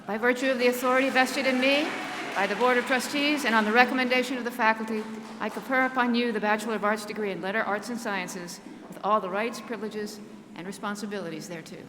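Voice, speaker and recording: A woman official conferring degrees in a brisk, formulaic ceremonial recitation. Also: on the high side, steady tone, noisy background. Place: large ceremony hall. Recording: long hall reverb, faint ambience.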